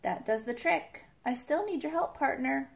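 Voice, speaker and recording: A woman's voice: sits high, animated, normal speed, gravelly, pitched above the performer's own voice. A woman reading as an eager little digging girl.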